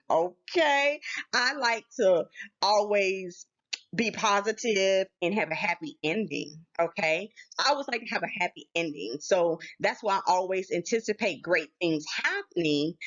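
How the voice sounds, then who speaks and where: A woman hosting a spiritual video channel, talking casually and excitedly to her viewers and often calling them "y'all". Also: fairly high pitch. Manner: animated, addresses viewers as y'all. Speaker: channel host. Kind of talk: casual spiritual vlog talk. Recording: dull lo-fi sound.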